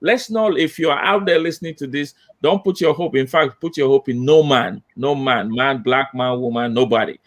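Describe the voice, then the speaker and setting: A man's voice: mid-range voice, normal speed, few pauses, a bit bright. A man speaking as a guest consultant on a panel, emphatic and repetitive with hesitant fillers. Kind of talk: panel discussion.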